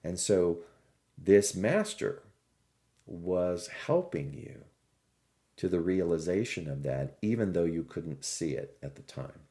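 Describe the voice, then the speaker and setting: A man who teaches spirituality, telling a parable in a reflective, expressive sermon. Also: sits low. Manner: slow, reflective, expressive storytelling. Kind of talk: storytelling sermon.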